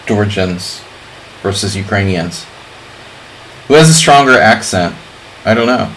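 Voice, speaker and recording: Middle-aged guy streaming chess, rambly chat, bit low voice, faint ac hum behind. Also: animated, a little slow, fairly bright tone, low-quality recording. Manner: rambling, chatty, full of "like" fillers. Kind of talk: casual live-stream chat.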